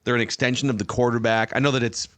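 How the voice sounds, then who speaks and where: A man hosting a podcast asks his guests curious, relaxed questions. His voice sits at a middle pitch, and the sound is dry and close to the mic. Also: fast talker, dry recording. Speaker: podcast host. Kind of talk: casual interviewing chat.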